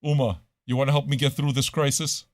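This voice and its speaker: A man hosting a live radio show, ranting casually and swearing a lot, swinging between loud outbursts and low muttering. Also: little pitch movement, brisk, no room sound, studio quality.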